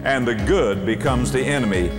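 A man's voice: mid-range voice, over music. Man preaching in an echoey hall. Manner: emphatic preaching, reads scripture slowly with drawn-out words. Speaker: pastor. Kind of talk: sermon. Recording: echoey hall with long reverb.

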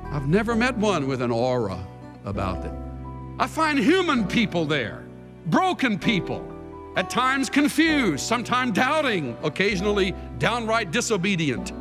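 A man preaching a sermon to a congregation, dramatic, moving from hushed tones to shouting. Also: high voice, huge pitch swings, a little slow. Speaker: pastor. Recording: long reverb hall with faint music.

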